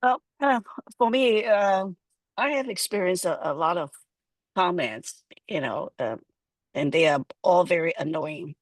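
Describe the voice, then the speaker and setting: A woman on a discussion panel, speaking in a measured way with frequent pauses and fillers. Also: on the low side, animated, dry recording.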